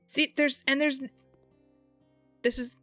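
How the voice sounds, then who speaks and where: A woman's voice: high voice, fairly even intonation, takes it slowly, sharp tone, no room sound, faint music behind. A woman streaming a game and chatting with her viewers, thinking aloud in an exasperated way. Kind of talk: casual live-stream chat while playing.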